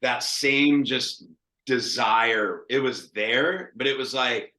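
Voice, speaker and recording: A man in his thirties coaching quarterbacks, talking in a loose, cursing, storytelling way. His voice is bright and forceful. It rings out in an echoey room. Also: medium pitch, takes it slowly. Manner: profane, animated storytelling with acted quotes. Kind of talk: casual coaching talk.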